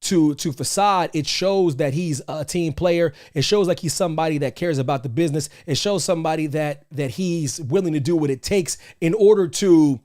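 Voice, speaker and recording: A fired-up man with a high, bright voice, talking fast over wrestling results on a live stream. He repeats himself, winds up, and breaks into hollers and chants whenever a favourite shows up. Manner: hyped, repetitive, bursts into shouting and chanting. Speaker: host of a wrestling reaction show.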